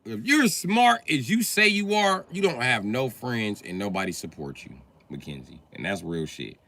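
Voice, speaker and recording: A man's voice: normal speed, gravelly. A man doing a profane comedy rant on a live stream, breaking into put-on voices. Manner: profane, animated, acts out voices with big pitch jumps.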